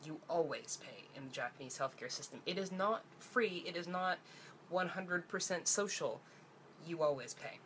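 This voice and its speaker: Young woman from Canada, vlogger, lowish voice, blunt and swearing, faint room hum behind. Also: animated, normal speed, a bit bright. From Canada (Ontario). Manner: blunt and profane, rising to heated exasperation. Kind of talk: ranting vlog to camera.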